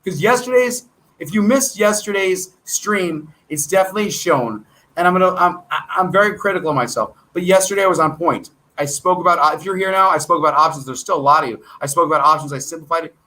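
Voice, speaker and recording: Excitable rambling American man, high bright voice. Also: fast. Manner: rambling, excitable, self-deprecating asides. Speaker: stock market show host. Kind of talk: casual livestream commentary.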